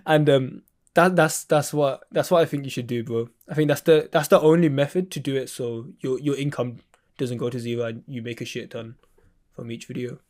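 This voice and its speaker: A man's voice: medium pitch, steady tone, brisk, a little mellow. A man mentoring in a casual chat, laid-back and slangy, calling the listener bro.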